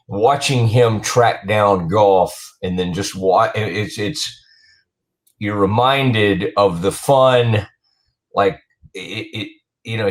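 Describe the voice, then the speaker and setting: Male host, deeper register, loose and conversational, feeling his way through questions. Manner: conversational, loose, searching for words. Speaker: podcast host. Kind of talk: casual sports talk interview.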